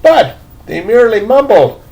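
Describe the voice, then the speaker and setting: An older man reading a novel aloud, unhurried, now and then breaking off with asides of his own. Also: high-pitched, very animated, dark tone. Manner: unhurried, breaks off to chat about his drink. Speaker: reader.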